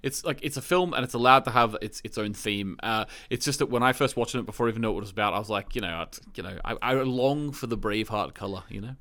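A man co-hosting a casual movie podcast, talking with quick self-corrections and frequent laughter. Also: fairly low pitch, pushed and bright. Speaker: podcast co-host. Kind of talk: casual movie review chat.

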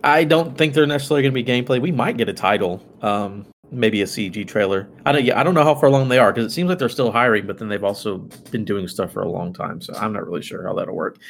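A man talks quickly in a casual podcast chat. He gives blunt, opinionated takes. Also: lowish voice, creaky, slight background noise.

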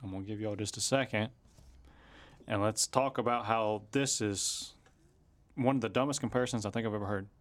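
A man's voice: lowish voice, steady tone, a little fast. Laid-back man hosting. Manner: laid-back, addresses listeners as "guys" and "y'all". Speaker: podcast host. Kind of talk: casual discussion.

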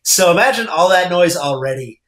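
A man's voice: high-pitched, lively intonation, brisk, reverberant, crowd noise. A man telling rambling stories in a casual podcast chat, with lots of fillers. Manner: rambling storyteller, many fillers and laughs. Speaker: comic book writer.

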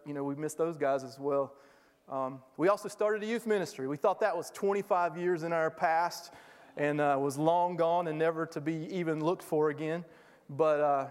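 A man's voice: on the high side, long reverb tail. A man giving a sermon as a guest missionary speaker, telling stories and acting out the voices of the people in them. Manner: animated storyteller acting out quoted voices. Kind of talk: sermon storytelling. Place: church sanctuary.

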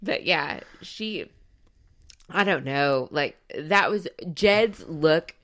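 A woman's voice: low-pitched, extremely slow. A young woman co-hosting a podcast, chatting casually and retelling scenes with lots of laughter. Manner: giggly, animated retelling with frequent laughs. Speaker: podcast co-host. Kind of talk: casual chat.

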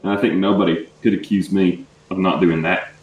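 A man's voice: deep voice, fairly even intonation, a little fast, a little mellow, slight background noise, lightly acted. An improv comedy performer playing a boastful male thief-guild leader and woodsman, smug and self-justifying, stumbling through restarts. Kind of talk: improvised comedy role-play. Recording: roomy, distant room mic.

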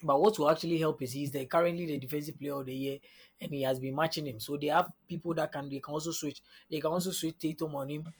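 A man with a husky, somewhat raised voice gives a long analytical breakdown on a casual sports podcast. He walks through numbers and matchups in order and keeps checking whether his listeners are with him. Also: fairly high pitch, fairly even intonation, fast. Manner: analytical, often asks "you understand?".

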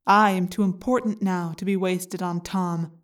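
A woman voicing a gloating male alien parasite in an audiobook, slow and mocking. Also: on the low side, fairly even intonation, far from the mic, natural voice. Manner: slow, taunting, smug. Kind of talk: audiobook character reading.

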